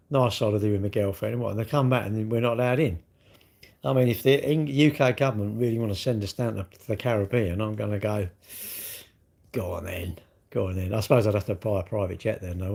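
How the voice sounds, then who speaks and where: Gravelly blunt man. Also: lowish voice, darkish tone. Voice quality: gravelly, husky. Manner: blunt, mocking, rambling. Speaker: livestream host reading comments. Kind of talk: casual live-stream chat.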